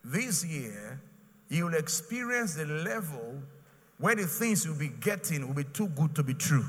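A man's voice: a little high, sing-song, unhurried, in a large hall, a little hiss or hum. A man with a Nigerian accent preaching a sermon as a pastor, emphatic and repetitive, with pidgin phrases mixed in.

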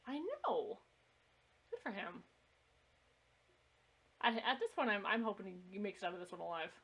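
A woman's voice: medium pitch, wildly swooping pitch, moderate pace, fairly bright tone, husky. A woman co-hosting a casual movie-watching podcast, with a mid-range voice. She is blunt, laughs often and swears freely as she riffs on what is on screen. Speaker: podcast co-host.

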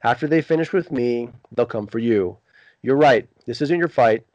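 Male host reading a young commander's rallying plea, quick and earnest. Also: mid-range voice, darkish tone, dry recording, highs cut off, natural voice.

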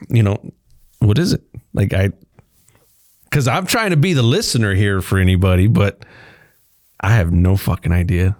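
A man's voice: sits low, lively intonation, normal speed, a little mellow, no room sound, studio quality. A man in casual podcast chat, talking in a searching, hesitant way as co-host.

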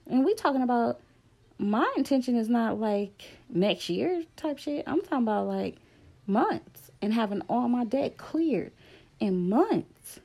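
A middle-aged woman tells her own story in a casual, candid way. Her voice carries a gravelly fry and a mellow, dark tone. She leans hard on key words, rushing some stretches and slowing right down on others. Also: a little high, expressive. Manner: candid, emphatic, drifting between fast and slow. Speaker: speaker sharing a personal story.

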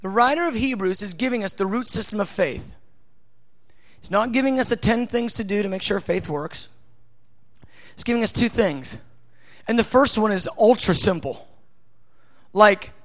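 A man preaching a sermon in an intimate, tender way, at times acting out God's voice softly. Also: high voice.

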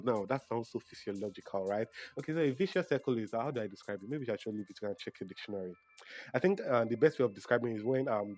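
A man's voice: fairly low pitch, darkish tone. A young Nigerian man talking casually in a solo monologue, emotional and often correcting himself mid-sentence. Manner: chatty, self-correcting, emotional.

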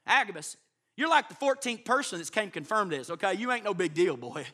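A man's voice: high voice, sing-song, fairly quick, sharp tone. A man preaching a sermon to a room of pastors, emphatic and constantly checking in with his listeners. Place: live before a room of listeners.

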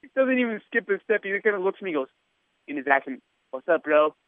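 A man's voice: high voice, very fast, dry recording. Guy guesting on a podcast, thin phone sound, dry, acting out his story. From India. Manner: animated anecdote teller, acts out quoted lines. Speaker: radio sports host, guest. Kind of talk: casual storytelling. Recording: tinny phone-like line.

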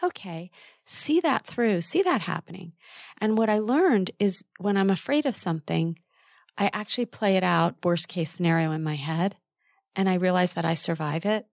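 A middle-aged woman recounts her own career in an interview, candid and lively, tossing in quick asides as she goes. Her voice sits a little low for a woman, and the recording is close and dry with no room sound. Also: vocal fry, dry recording. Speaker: textile designer and author. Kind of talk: personal storytelling in an interview.

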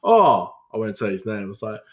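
A young man with a lowish, somewhat dark voice rambles through casual stories at a racing pace, his tone otherwise level. He uses lots of fillers and restarts and laughs often.

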